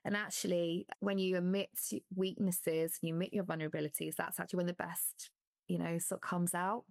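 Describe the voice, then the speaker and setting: A woman's voice: lowish voice, flat delivery, a little fast, gravelly, darkish tone, no room sound. A woman, a former athlete, talking candidly in an interview, laughing at times and close to tears. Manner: candid, laughing, voice catching with emotion. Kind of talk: emotional interview talk.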